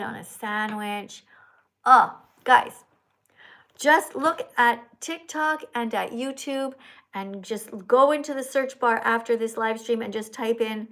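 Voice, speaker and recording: High-voiced emphatic older woman livestreaming. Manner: preachy, emphatic, bursts into singing. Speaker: livestream host reading super chats.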